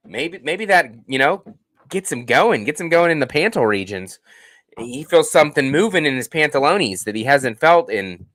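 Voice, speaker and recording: A man hosting a casual live stream, reading out viewer comments in an animated and jokey way, with many fillers and restarts. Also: a little high, unhurried, no echo. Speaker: host of a horror movie channel.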